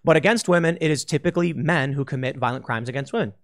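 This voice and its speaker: Talking at a quick pace in a slightly raised pitch, a host runs through a political monologue. His arguments are blunt and offhand, and he sometimes puts on mocking voices to drive them home.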